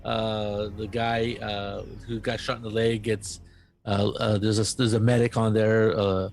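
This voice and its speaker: A man with a gravelly voice narrates a tabletop role-playing game as game master. He talks haltingly, with frequent fillers and restarts. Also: lowish voice, level tone, a little mellow, a little hiss or hum.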